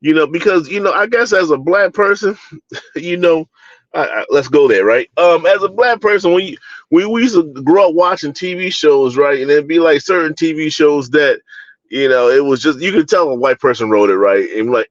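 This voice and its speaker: A man's voice: a little high, expressive, normal speed, no echo, dull audio. A man from Baltimore co-hosting a wrestling review show, talking in a casual, opinionated way with lots of fillers, restarts and mocking asides. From Baltimore, USA.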